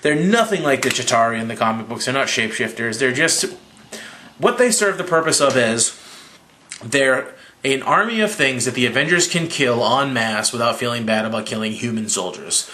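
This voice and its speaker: A slightly drunk young man casually recapping a movie, swearing freely and acting out lines in a raised voice. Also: moderate pace. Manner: profane, excitable, acts out quotes in a higher voice. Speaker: movie reviewer.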